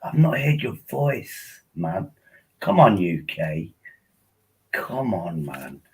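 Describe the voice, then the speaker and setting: Husky tipsy man hosting a live stream. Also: low-pitched, sing-song, takes it slowly, a little mellow, low-quality recording. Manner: rambling, coaxing viewers to join. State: tipsy from drinking. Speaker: livestream host. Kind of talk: casual live stream chat.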